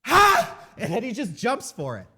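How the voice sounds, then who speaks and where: A man hosting a casual movie podcast, retelling a story with animated energy and acted-out quotes. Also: high-pitched, brisk. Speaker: podcast host.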